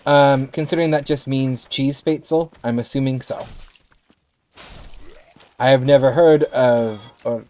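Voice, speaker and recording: A man's voice: medium pitch, fairly even intonation, measured pace, long pauses, warm tone. A man with a lisp, a game streamer from the United States, chatting casually with his viewers and thinking aloud with restarts as he plays. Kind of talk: casual chat with stream viewers while gaming.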